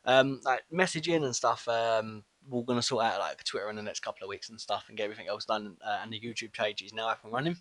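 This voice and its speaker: Relaxed man hosting a podcast. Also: lowish voice, quick pace, few pauses, no echo. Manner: relaxed, hesitant, lots of fillers. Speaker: podcast co-host. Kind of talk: casual film review chat.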